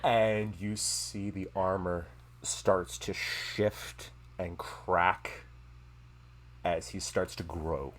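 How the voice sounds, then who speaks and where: A man with a very low voice narrates a tabletop role-playing session as its game master. He takes his time, laying out each scene slowly and deliberately. The telling is steady and measured.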